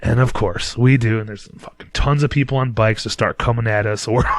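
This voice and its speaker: A man's voice: mid-range voice, fairly even intonation, normal speed. A man hosts a podcast in a loose, profane monologue, laughing at his own mishaps as he rambles on. His voice sits in an ordinary middle register. The sound is dry and close, with no room echo. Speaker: podcast host. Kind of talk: casual storytelling monologue.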